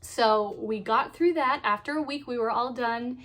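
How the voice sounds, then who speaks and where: A woman's voice: a little high, unhurried, a bit bright. A woman in her thirties chatting casually to camera about her cross stitch, cheerful and full of ums and laughs. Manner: chatty, lots of ums and so yeahs.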